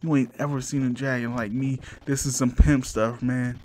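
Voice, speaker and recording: A man's voice: mid-range voice, flat delivery, moderate pace, a little mellow, slight background noise, lightly acted. A man voicing a boastful, swaggering male dragon who talks in laid-back slang. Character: swaggering rich male dragon in gold armor.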